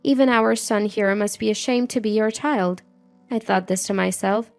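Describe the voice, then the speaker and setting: A middle-aged woman narrating a scripted first-person story in an even, measured way. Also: mid-range voice, creaky, no room sound. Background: faint music.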